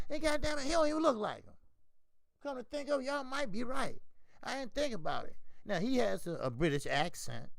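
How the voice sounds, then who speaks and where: Trash-talking man with a gravelly voice. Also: fairly high pitch, dry recording. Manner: profane trash-talk, animated. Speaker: boxing channel host. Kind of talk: casual commentary.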